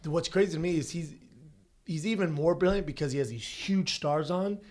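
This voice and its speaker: A man's voice: a little high, moderate pace, a little mellow. A man co-hosting a podcast in casual chat, with loose, profane banter. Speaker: podcast co-host.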